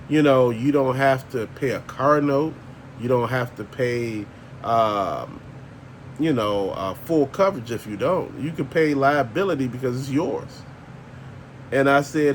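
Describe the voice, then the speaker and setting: A man's voice: medium pitch, measured pace, slight background noise. An older man, ranting bluntly and profanely as a channel host, laughing often. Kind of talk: casual ranting monologue.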